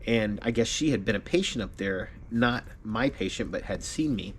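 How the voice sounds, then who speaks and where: A man tells a personal story to camera in an easygoing, animated way, his voice sitting at an ordinary middle pitch. He breaks into laughter often as he goes. Faint noise hums behind him. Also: normal speed. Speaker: vlogger.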